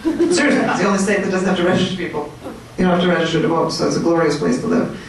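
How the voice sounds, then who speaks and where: A woman giving an animated, chatty talk to a room of people, joking with her audience. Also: fairly low pitch, very fast, slight background noise. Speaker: speaker at a political meetup. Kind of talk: lively speech to a crowd. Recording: echoey room, mic at a distance.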